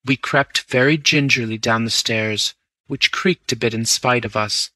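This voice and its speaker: A man narrating a story in the first person, reading in a steady, measured way. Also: mid-range voice, dry recording. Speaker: audiobook narrator.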